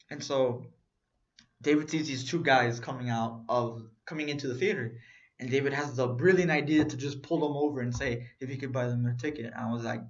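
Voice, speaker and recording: A young man co-hosting a podcast, telling a story in casual chat, animated and swearing as he acts out what people said. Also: medium pitch, fairly quick. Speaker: podcast co-host. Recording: dull lo-fi recording.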